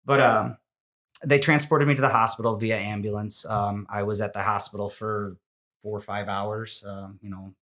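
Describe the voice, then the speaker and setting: A man's voice: on the low side, steady tone, normal speed, a bit bright. A man in his forties, a podcast guest, telling a personal story in casual interview talk, candid and emotional, with many restarts.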